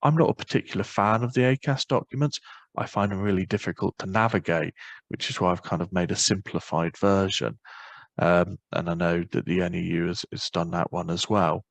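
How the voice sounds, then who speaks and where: Low-voiced man presenting a webinar. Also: vocal fry, no echo, poor audio. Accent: Northern Irish. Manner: quick, informal explaining with many fillers. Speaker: webinar presenter on parental leave.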